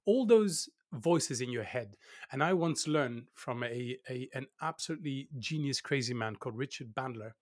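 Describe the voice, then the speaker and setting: A man giving candid advice as an interview guest, lively and laughing, often acting out the doubting voices he quotes. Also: mid-range voice, normal speed, no echo, clean studio sound. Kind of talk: casual interview conversation.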